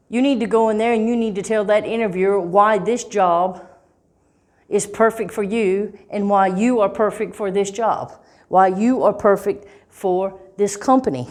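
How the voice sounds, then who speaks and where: Slow, deliberate woman teaching English. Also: medium pitch, a little mellow. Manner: deliberate, stretches key words, checks in with "okay?" and "right?". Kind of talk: slow, clear teaching talk.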